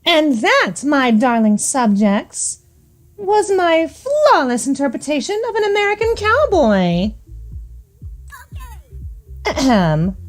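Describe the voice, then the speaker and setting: Theatrical teasing woman streamer. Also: sits high. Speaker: VTuber game streamer. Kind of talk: visual novel playthrough commentary.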